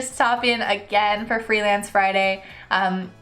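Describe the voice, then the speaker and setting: A young woman ranting in a casual storytime vlog, animated and acting out quoted lines in mock voices. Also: mid-range voice, moderate pace. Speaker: freelance writer vlogger. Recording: echoey room with faint music.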